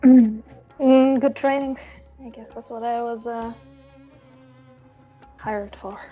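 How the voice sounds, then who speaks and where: A woman's voice: fairly high pitch, steady tone, slow pace, lo-fi sound, soft background music. A woman player in a tabletop role-playing game, hesitantly describing what her detective does. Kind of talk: in-character tabletop play.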